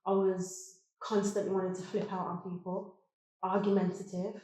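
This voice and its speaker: A woman's voice: mid-range voice, moderate pace. Laughing woman in an echoey room. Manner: animated, laughing while telling stories. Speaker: podcast guest. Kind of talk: emotional personal storytelling.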